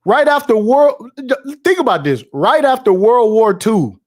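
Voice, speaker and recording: A man's voice: very high voice, very animated, measured pace. A young man hosting a casual stream, ranting in heavy slang with lots of swearing, repeats and laughs. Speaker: podcast host. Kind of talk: casual livestream rant.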